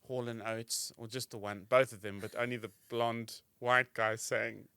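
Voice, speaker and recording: A man co-hosting a comedy podcast, joking and animated in loose banter. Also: mid-range voice, moderate pace, clean tone, no room sound. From South Africa. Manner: animated, joking, slips into silly voices. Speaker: podcast co-host.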